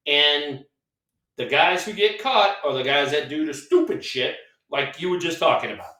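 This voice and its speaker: A man's voice: on the high side, animated, moderate pace, pushed and bright. Laid-back man telling stories, echoey. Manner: laughing, anecdotal storytelling with "all right?" tags. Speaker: podcast co-host, former ballplayer. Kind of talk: casual sports talk. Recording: echoey room, distant mic.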